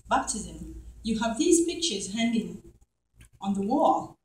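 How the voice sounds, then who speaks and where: A middle-aged woman telling a church congregation a testimony, animated and acting out the lines of the people in her story. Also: medium pitch, unhurried, long pauses. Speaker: church member giving testimony. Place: church hall. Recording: echoey hall, from far off.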